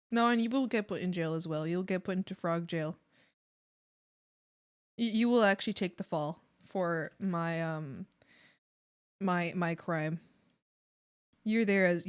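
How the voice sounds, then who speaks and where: A woman's voice: fairly low pitch, a little slow, long pauses, clear, resonant tone. A woman art streamer chatting casually while drawing, playful and rambling with silly jokes.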